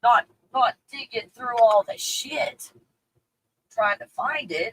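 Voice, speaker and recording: A woman's voice: sits high, a little slow, creaky, a bit bright, rough recording. A woman from Texas with a faint Texas accent, chatting casually on a livestream, reading viewer comments, swearing freely and laughing often. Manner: profane and candid, laughs often.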